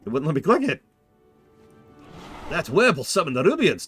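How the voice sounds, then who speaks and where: A man's voice: fairly high pitch, very animated, normal speed, fairly bright tone, soft background music. A man giving casual, opinionated commentary while streaming a game, joking with his chat.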